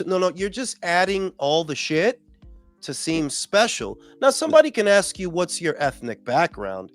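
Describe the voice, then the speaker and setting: A New man hosts a casual podcast, ranting in a profane, animated way. His voice sits high and swings widely in pitch. Faint music plays behind him. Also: dry recording. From New York. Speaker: podcast host.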